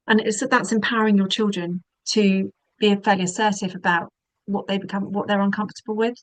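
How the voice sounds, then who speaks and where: A woman, a divorce specialist giving calm, measured webinar advice with frequent ums. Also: mid-range voice, no echo, low-quality recording.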